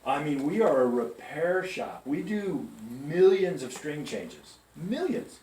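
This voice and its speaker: A man's voice: fairly high pitch, lively intonation, takes it slowly, darkish tone, slight background noise. A man speaking to new staff in a large music store, telling chatty stories and checking in with his listeners. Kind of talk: storytelling pep talk to a group. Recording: echoey store, from far off.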